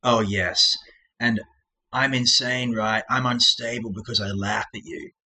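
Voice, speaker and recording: A man ranting at his commenters in a mocking, sarcastic tone, breaking into shrill manic laughter. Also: steady tone, unhurried, pushed and bright, a little hiss or hum, low-quality recording. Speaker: channel host.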